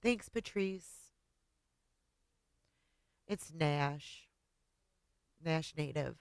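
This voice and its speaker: A woman hosting a livestream and talking casually to her viewers, tearful, halting and often trailing off quietly. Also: low voice, animated, creaky, clean tone, no room sound. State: tearful, voice breaking. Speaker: livestream host.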